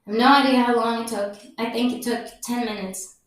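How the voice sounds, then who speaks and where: A woman with a fairly high, steady voice talks at a quick clip, hosting a podcast and candidly sharing a personal story in non-native English. She swears freely and acts out what other people said. The room is very echoey and the mic sits far away.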